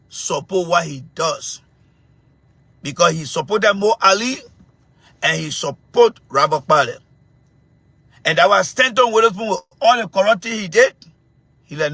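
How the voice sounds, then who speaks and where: A man with a Liberian English accent hosting his own show, giving heated, confrontational political commentary full of repetition and bursts of shouting. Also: high-pitched, expressive, measured pace, pauses often, dry recording. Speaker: show host.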